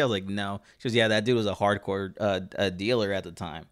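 Telling a story in relaxed chat, this Southern California man speaks at a fairly low pitch, wandering off track and stumbling through plenty of fillers and false starts.

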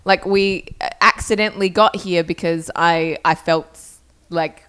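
Hesitant woman with a low voice. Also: steady tone, fairly bright tone, smooth. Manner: hesitant, repeats words, halting. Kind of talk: casual chat.

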